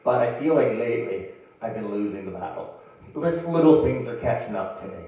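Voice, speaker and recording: A middle-aged man doing a stand-up comedy set on a small theatre stage, telling stories with sudden loud outbursts. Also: mid-range voice, brisk. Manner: animated storytelling with loud outbursts. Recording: far-off phone-like audio in echoey room. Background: audience laughter.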